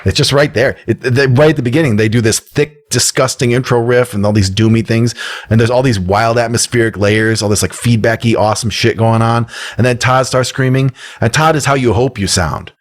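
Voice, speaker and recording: A man co-hosting a podcast, talking with jokey enthusiasm and animated storytelling about a punk band. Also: mid-range voice, brisk. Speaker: podcast co-host. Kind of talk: casual record-review chat.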